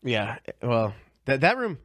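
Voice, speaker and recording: A man who is a stand-up comedian and podcast host, excitable and emphatic in casual chat, swearing freely and calling people dude and man. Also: mid-range voice, takes it slowly. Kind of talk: casual chat, swapping road stories.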